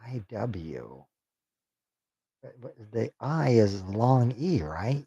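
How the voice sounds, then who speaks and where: A man reading a text aloud on a stream, sounding out unfamiliar words haltingly and joking to himself. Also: mid-range voice, very animated, warm tone, breathy edge, dry recording, dull audio. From United States. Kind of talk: casual reading aloud on a livestream.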